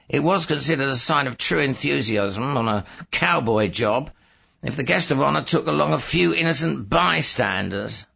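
A man giving sardonic, measured audiobook narration, in a dull lo-fi recording. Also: medium pitch, creaky, bright, forceful tone, breathy edge.

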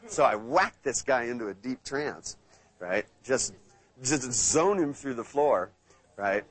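A man running a live hypnosis seminar, playful and storytelling, sinking into a slow hypnotic tone when he demos trance suggestions. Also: medium pitch, lively intonation, slightly rough, low-quality recording. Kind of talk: live seminar teaching with anecdotes. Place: seminar room with live audience.

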